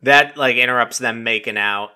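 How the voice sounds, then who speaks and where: A man's voice: medium pitch, moderate pace, smooth. A man hosting a podcast, recapping a show in casual, rambling chat full of swearing and filler words. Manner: rambling and profane, heavy use of "like"; animated storytelling with mock quotes. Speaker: podcast host recapping a reality dating show.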